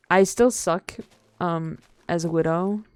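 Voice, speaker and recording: Chatty young woman game streamer, low-toned. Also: darkish tone, no echo. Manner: rambling, heavy use of "like" fillers; chatty and playful. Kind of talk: casual live-stream chat while gaming.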